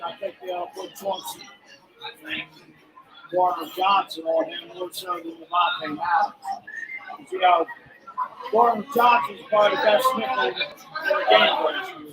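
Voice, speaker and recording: A man's voice: high-pitched, bright, forceful tone, poor audio. A man co-hosting a sports talk show, reeling off player stats with many fillers. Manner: fast stream of stats and names, hedging fillers. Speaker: co-host. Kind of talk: casual sports analysis.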